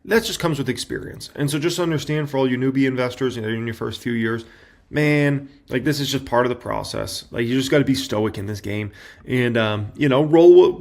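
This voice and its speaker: Man, 30s, gravelly voice, casual market commentary, loose conversational delivery. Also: mid-range voice, a little mellow. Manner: conversational, filler-heavy with tag questions. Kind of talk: casual talk to camera.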